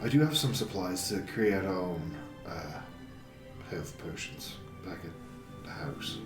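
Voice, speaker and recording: A man's voice: low-pitched, expressive, slow pace. A man playing a tabletop game in character, talking politely and hesitantly with many restarts. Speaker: player. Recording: roomy sound from a distant mic, music behind.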